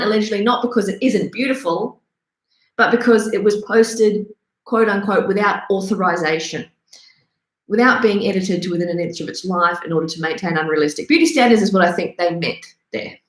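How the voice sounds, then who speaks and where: A woman delivers a sardonic commentary monologue, mocking herself as readily as her subject. Her voice sits at a middling pitch, and the recording carries a noticeable room echo. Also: brisk. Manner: sarcastic, self-deprecating, ranty. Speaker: host. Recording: roomy echo.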